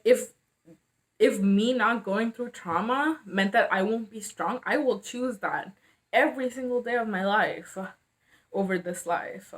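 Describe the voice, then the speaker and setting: A young adult woman talking to camera about hard personal topics, earnest and hesitant, with many fillers and restarts. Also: medium pitch. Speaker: mental health vlogger. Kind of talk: casual emotional talk to camera.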